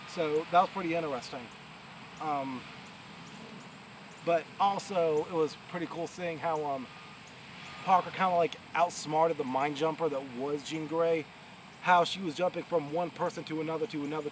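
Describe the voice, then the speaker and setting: A man with a New York accent giving a casual, rambling spoken review outdoors, with many fillers and restarts, talking over distant heavy machinery. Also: a little high. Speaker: vlogger. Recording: outdoor recording with loud machinery noise. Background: distant heavy machinery and traffic.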